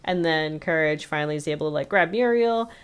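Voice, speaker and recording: A woman's voice: low voice, a little fast, smooth. A woman co-hosting a podcast, casually recapping a cartoon episode in a rambling way full of "like" and fillers. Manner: rambling, filler-heavy retelling with frequent "like". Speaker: podcast co-host.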